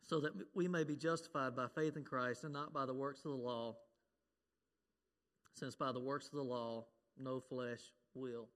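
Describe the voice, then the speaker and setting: A man's voice: mid-range voice, steady tone, moderate pace, fairly bright tone. A man preaching a sermon as pastor, earnest, quoting scripture and at times getting choked up. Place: church sanctuary. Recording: long reverb of a church hall.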